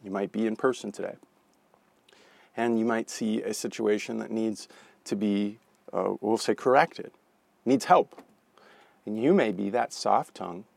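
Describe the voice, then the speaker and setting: Guy doing a morning devotional, gravelly voice, dry close sound, earnest and chatty. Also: lowish voice, no echo. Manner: earnest, warm pastoral encouragement with a closing prayer; conversational, with small restarts. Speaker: devotional speaker.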